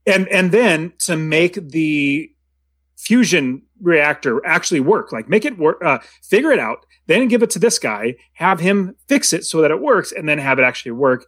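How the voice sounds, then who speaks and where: A man's voice: a little high, big pitch swings, moderate pace, a bit bright, no room sound. A man co-hosting a casual movie discussion, talking in a rambling way with many restarts. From United States. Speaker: podcast co-host.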